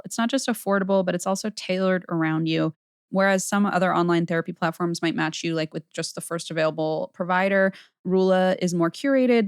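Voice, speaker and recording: A woman's voice: lowish voice, no room sound, clean studio sound. A woman co-hosting a casual podcast, chatting playfully, laughing often and reading ads. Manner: playful, laughs often, sing-song impressions. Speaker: podcast co-host. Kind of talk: casual chat and ad reads.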